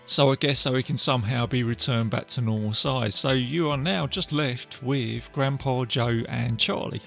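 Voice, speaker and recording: A man's voice: medium pitch, normal speed, vocal fry, sharp tone, soft background music. A man hosting a podcast, casually retelling a film plot in a rambling way with fillers and restarts. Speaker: podcast host.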